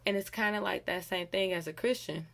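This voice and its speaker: A woman giving a casual devotional talk, animated and acting out quoted voices. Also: medium pitch, brisk, vocal fry. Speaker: bible study teacher.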